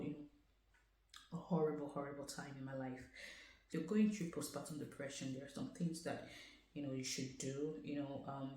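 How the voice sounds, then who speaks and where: A woman vlogger with a low-pitched, mellow voice speaks to camera about her own experience, earnest and conversational and full of casual fillers. The rough recording has an echoey room and slight background noise.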